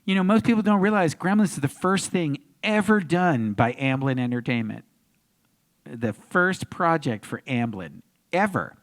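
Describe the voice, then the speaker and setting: Animated man telling a story on a convention panel. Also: normal speed. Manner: acts out crowds and voices, big pitch jumps. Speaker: actor guest on a convention panel.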